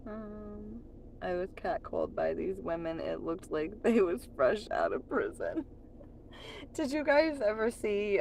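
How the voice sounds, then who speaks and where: A woman's voice: deep voice, darkish tone, a little hiss or hum. A woman chatting on a late-night livestream from home, profane and laughing often while she reads chat aloud.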